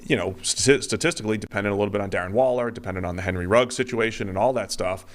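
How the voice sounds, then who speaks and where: Speaking very fast in a fairly low voice, this man co-hosts a casual sports podcast, rambling along and imitating hesitant noises to drive home a point.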